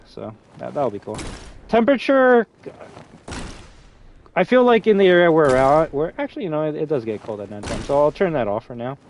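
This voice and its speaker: A man's voice: a little high, very animated, a little fast, a little hiss or hum. Rambling male streamer, swears casually. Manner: rambling, many restarts and fillers, swears freely. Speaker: streamer hosting a game lobby. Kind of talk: casual live-stream chat.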